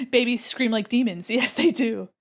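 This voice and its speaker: Chatty American woman streamer. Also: a little high. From United States. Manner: chatty, self-deprecating, answers chat with frequent laughs. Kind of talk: casual livestream chat while drawing.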